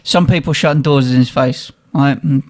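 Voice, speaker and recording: This podcast co-host is a man whose medium-pitched voice moves at a moderate pace. Chatting casually, he spins rowdy tales with frequent laughter, playing out the voices of those he quotes.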